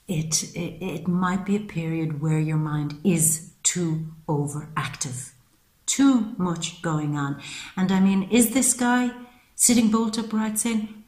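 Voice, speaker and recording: Woman reading tarot, low voice in an echoey room. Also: a little mellow. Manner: chatty, affectionate, acts out quoted voices. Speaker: tarot reader. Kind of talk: monthly tarot reading to camera.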